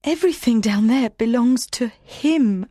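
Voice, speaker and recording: Man putting on a high breathy young woman, frightened singer, audiobook voice, dry close sound. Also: normal speed, a little mellow, no echo. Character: young woman opera singer, fearful and tender. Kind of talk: audiobook character voice.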